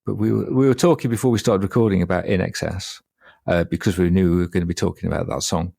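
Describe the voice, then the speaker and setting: A man co-hosting a podcast, chatting casually and telling stories in a relaxed way, laughing easily. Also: low-pitched, fast, gravelly, slightly rough, no echo, clean studio sound. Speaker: podcast co-host. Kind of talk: casual chat.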